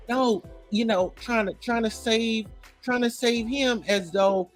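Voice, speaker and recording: A man's voice: very high voice, slow, soft background music. A man hosting a live talk stream, commenting in a casual and earnest way. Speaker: livestream host.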